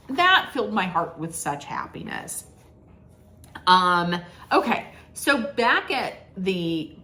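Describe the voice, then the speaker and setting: Sassy, animated woman ranting. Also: fairly low pitch. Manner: sassy, rambling, many restarts. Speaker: reality TV recap vlogger. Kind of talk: casual commentary rant.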